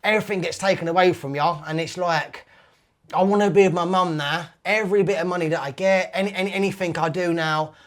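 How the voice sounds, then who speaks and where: A man's voice: high-pitched, fairly even intonation, quick pace. A man in his thirties with an East London accent, talking at length as an interview guest in a casual, heartfelt, rambling way and filling his speech with "like", "man" and "mate". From East London, England.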